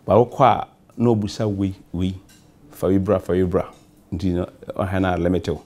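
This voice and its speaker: A deep, slightly mellow male voice holds a steady tone at a moderate pace. It belongs to a Ghanaian MP who answers a talk show interviewer repetitively and at length, using both English and Twi.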